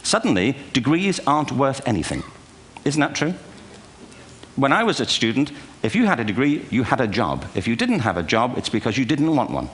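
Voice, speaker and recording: An older man holds forth in a large hall, spinning anecdotes with a dry, self-deprecating wit. His pitch rises and falls in lively swoops as he builds each joke. A faint murmur of room noise runs underneath. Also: moderate pace. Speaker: speaker giving a talk. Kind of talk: humorous keynote lecture. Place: large auditorium before a live audience.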